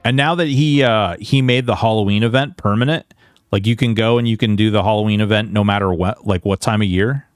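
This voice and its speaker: A man's voice: on the low side, a little fast, no room sound, soft background music. A Canadian man streaming a video game, chatting in a rambling, casual way and swearing now and then. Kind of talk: casual gaming stream chat.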